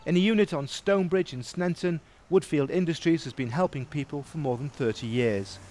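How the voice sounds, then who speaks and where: A man's voice: on the high side, fairly quick, a little mellow, slight background noise. Chatty male TV presenter. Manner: chatty, teasing banter with co-host. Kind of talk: presenting and voice-over narration.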